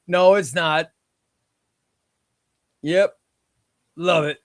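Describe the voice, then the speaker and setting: A man with a voice on the high side sounds animated yet unhurried, and there's no room sound. Hosting a relaxed comic book livestream, he chats with viewers and calls out each name eliminated from a giveaway wheel, exclaiming as each one goes.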